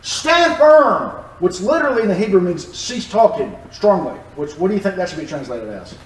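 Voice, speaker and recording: A man teaching a Bible lesson in a church, animated and joking as he explains the text. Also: high-pitched, quick pace. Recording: echoey room, distant mic.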